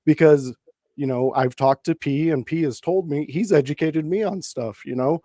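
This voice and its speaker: Man, livestream co-host, thoughtful, hesitant, mellow, dry sound. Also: on the high side, moderate pace, no room sound. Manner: thoughtful, hesitant, many fillers. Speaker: podcast co-host. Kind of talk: casual livestream chat.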